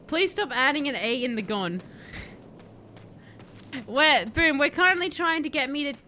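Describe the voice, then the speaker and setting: A woman streaming a horror game, chatting playfully with her chat and breaking into excited shouts. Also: high voice, moderate pace. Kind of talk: live game commentary. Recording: faint background noise.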